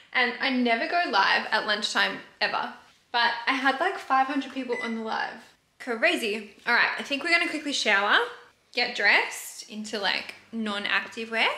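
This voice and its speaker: A woman's voice: a little high, sharp tone, echoey room. A young Australian woman chatting casually to camera in an upbeat vlog at home. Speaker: vlogger.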